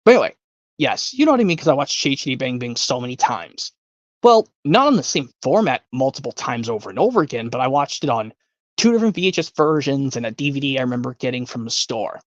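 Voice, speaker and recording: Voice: mid-range voice, sing-song, quick pace, no echo, highs cut off. A streamer hosting a voice-impressions game, chatting casually and rambling, thinking aloud with hums and restarts.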